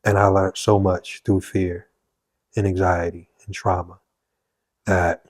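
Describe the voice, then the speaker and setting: Host type: lowish-voiced man, animated storyteller, dry close sound. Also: slow pace, no room sound. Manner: animated storytelling, acts out quotes. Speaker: podcast host. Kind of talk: casual conversation.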